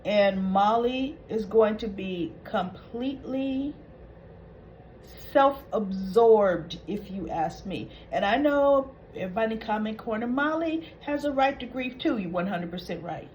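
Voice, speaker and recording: A woman's voice: on the high side, expressive, moderate pace, hardly any pauses, darkish tone, lo-fi sound, slight background noise. A woman hosting a soap opera recap, retelling scenes in a chatty, opinionated way.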